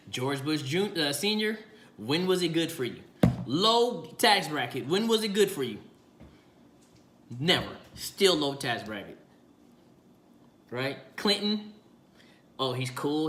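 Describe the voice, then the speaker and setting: A man's voice: on the high side, fairly bright tone. A man ranting casually about politics, firing off rhetorical questions in slangy, emphatic speech. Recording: echoey room with faint noise.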